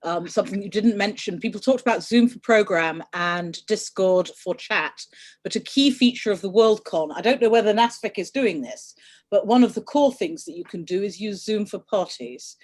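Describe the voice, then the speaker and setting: A woman talks on an online panel in a chatty, teasing and opinionated way. Her voice is mid-pitched and ordinary, coming over a video call. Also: lively intonation, moderate pace.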